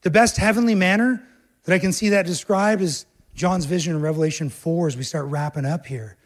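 A male pastor preaches fairly quickly and with emphasis, talking directly to the congregation as his voice shifts from hushed and low to raised and urgent.

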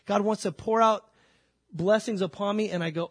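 A man's voice: high-pitched, fairly even intonation, normal speed, slightly rough, no echo, studio quality. A man preaching a sermon, telling stories and acting out biblical dialogue. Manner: storytelling, acts out biblical dialogue. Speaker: pastor.

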